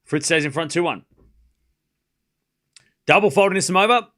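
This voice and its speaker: A man's voice: fairly high pitch, moderate pace. A man with an accent hosting a live tennis watchalong stream, calling points play by play in short bursts and replying to chat. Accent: non-native English accent. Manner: calls points in short bursts, swings up excitedly on big points. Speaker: livestream tennis watchalong host. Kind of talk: live play-by-play scoring commentary mixed with chat replies.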